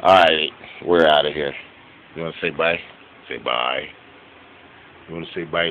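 A man filming his dogs at home on a handheld camera, giving an excited, laughing, profane running commentary that turns quieter near the end. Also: normal speed, long pauses, narrow, tinny audio, a little hiss or hum. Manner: quieter and lower toward the end. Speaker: dog owner filming his pets. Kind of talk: casual home video commentary. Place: room in a home with a bed.

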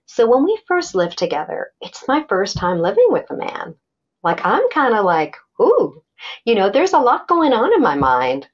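A woman telling a personal story in an interview, animated and acting out the voices she quotes. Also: mid-range voice. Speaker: guest. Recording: dull lo-fi sound.

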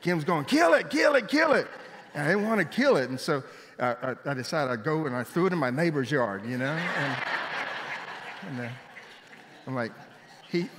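A man preaching a sermon, telling stories with lively delivery and raising his voice when he quotes people. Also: medium pitch, moderate pace, pauses often, a faint crowd, slight background noise. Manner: animated storytelling, voice jumping up for quoted shouts. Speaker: pastor. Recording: long hall reverb.

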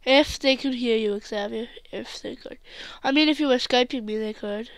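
A woman's voice: on the high side, moderate pace, no echo. A woman doing jokey gameplay commentary, often bursting into screams and exclamations. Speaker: gaming channel host.

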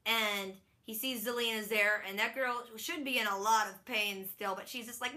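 A woman's voice: fairly high pitch, steady tone, normal speed, sharp tone. A young woman casually recapping a TV episode, chatty and playful, slipping into silly voices for the characters. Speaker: vlogger.

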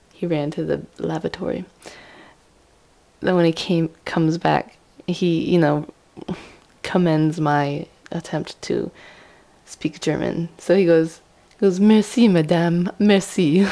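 A young woman vlogging, telling a rambling travel story in a chatty way, laughing often and filling pauses with "like" and "um". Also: sits low, vocal fry, darkish tone. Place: indoors in Austria.

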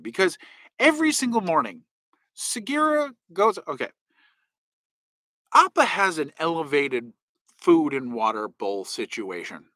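A man's voice: a little high, a bit bright, no echo. A man hosting and answering comments in a rambling, jokey casual chat. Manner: rambling, jokey, goes off on tangents.

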